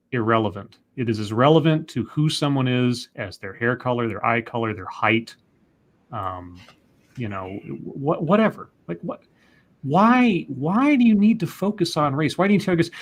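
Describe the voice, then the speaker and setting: A man's voice: mid-range voice, moderate pace. A man hosting a casual discussion, talking in an exasperated, ranting way. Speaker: podcast host.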